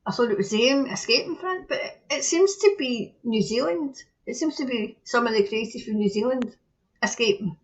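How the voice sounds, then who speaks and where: A woman's voice: a little high, lively intonation, moderate pace. A Scottish woman doing a casual live tarot reading, chatty and rambling, often laughing at herself. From Scotland. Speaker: tarot reader. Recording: dull lo-fi audio.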